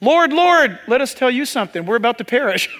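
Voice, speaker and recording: A man's voice: extremely high pitch, sing-song, a little fast, fairly bright tone, heavily acted. A man voicing frightened male disciples who plead frantically in a storm. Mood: panicked. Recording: long hall reverb.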